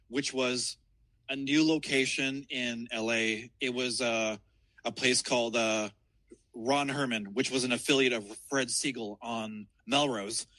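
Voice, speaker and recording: A man's voice: mid-range voice, pushed and bright, no echo, poor audio. A man calling in from outdoors downtown, telling a rambling, profane story with frequent laughter. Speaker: caller. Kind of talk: casual storytelling.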